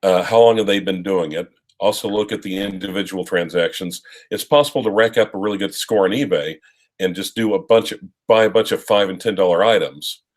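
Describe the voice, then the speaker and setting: A man's voice: low-pitched, fairly quick. A man co-hosting a live stream, chatting casually and giving rambling advice with fillers. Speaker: co-host of a watch live stream.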